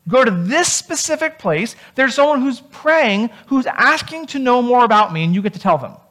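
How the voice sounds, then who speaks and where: A preacher voicing God, who gives a specific errand in a calm, encouraging, emphatic way. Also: mid-range voice, moderate pace. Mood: urging. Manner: emphatic, animated storytelling.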